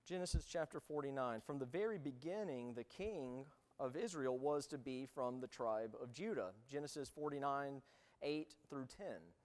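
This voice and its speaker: A man teaching a church Bible lesson, reading scripture aloud and then explaining it in loose, halting asides. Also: mid-range voice, expressive, darkish tone, long reverb tail. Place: church room.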